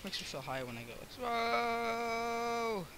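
Excitable young American gamer, bright voice. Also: male voice, mid-range voice, rapid-fire, a little hiss or hum. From United States. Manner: rambling, self-mocking, yells during fights. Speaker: gaming YouTuber. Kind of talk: Minecraft let's play commentary.

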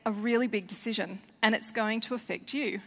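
Woman doing a serious dad voice, slow and grave, echoey hall. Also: fairly high pitch. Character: serious, patient father of a young girl. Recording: long hall reverb.

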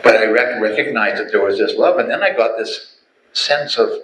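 A middle-aged man tells his personal testimony as an animated storyteller who acts out the voices. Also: lowish voice, normal speed, slight background noise. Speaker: testimony speaker. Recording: echoey room, faint ambience.

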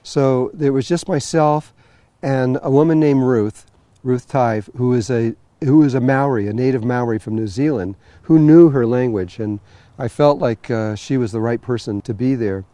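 A man with a mellow, medium-pitched voice speaks at a moderate pace with no echo. He's a spiritual teacher telling an audience a long personal story, rambling along with plenty of fillers and restarts.

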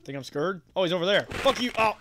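Man, let's play commentary, profane shouting, sarcastic, clicking keys behind. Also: high voice, noisy background. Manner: profane, yelling at enemies; sarcastic asides. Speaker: gamer.

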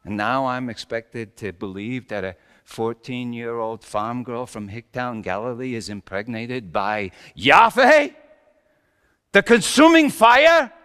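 A man's voice: fairly low pitch, steady tone, a little slow, hardly any pauses, a bit bright, smooth. A man, a pastor, playing a wry and exasperated Joseph the carpenter in a joking, self-mocking first-person sermon monologue with big emphatic swings. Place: church sanctuary. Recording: long reverb of a church hall.

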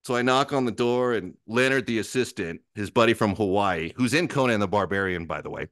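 A man's voice: on the low side, brisk, no room sound, clean studio sound. A man as a podcast guest, telling an anecdote in a rambling, profane way and acting out the other people in it. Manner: animated storyteller who acts out other people's lines; profane, rambling, self-interrupting.

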